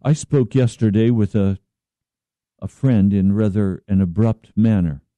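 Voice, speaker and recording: A man preaching a slow, earnest radio sermon as pastor, at times pleading in prayer. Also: fairly low pitch, warm tone, dry recording, highs cut off.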